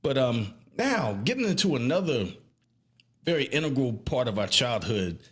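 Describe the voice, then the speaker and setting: A man with a Lowcountry Southern accent, co-hosting a podcast and telling nostalgic stories in a casual, animated way. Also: normal speed, husky. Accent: Southern US (Lowcountry South Carolina). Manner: animated storyteller, laughs often, pitch swings widely. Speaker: podcast co-host.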